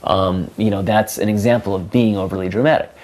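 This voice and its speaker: A man with a low voice explains dating tips in a loose, casual coaching talk. He fills his sentences with um and you know. When he acts out example lines, his voice leaps up with sudden energy. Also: fairly quick. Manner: animated, acts out example lines with big pitch jumps; many fillers like um and you know.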